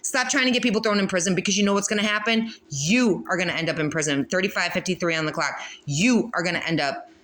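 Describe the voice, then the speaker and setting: A woman's voice: lowish voice, quick pace, few pauses, fairly bright tone. Blunt, swearing woman giving a tarot reading. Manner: blunt and profane, laughs often. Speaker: tarot reader. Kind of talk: casual spiritual card reading.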